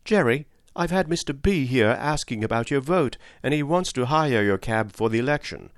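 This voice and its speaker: A man voicing a gentle working-class wife in a storybook reading, speaking mildly. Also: medium pitch, lively intonation, moderate pace, no echo, studio quality, voice pushed up, natural voice.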